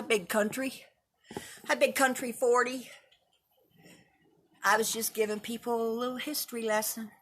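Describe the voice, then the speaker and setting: A woman of seventy from Texas hosts a casual livestream and talks straight to her viewers, blunt and opinionated, with a swear word here and there. Her voice is bright and forceful while sitting fairly low for a woman. A faint hum of ambience runs behind her. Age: 70s. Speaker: livestream host. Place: at home and in her yard.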